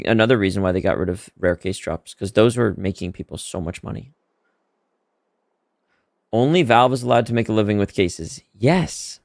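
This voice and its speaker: A man streaming a shooter game live, chatting casually about updates and reacting loudly to the play. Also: fairly low pitch, vocal fry, dry recording, studio quality. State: hiccuping. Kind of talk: casual live-stream commentary while gaming.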